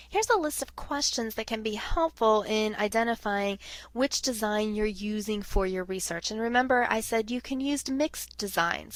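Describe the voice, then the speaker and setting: A woman's voice: mid-range voice, no room sound. A woman giving a recorded lecture, explaining things step by step. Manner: explanatory, walks students through questions step by step.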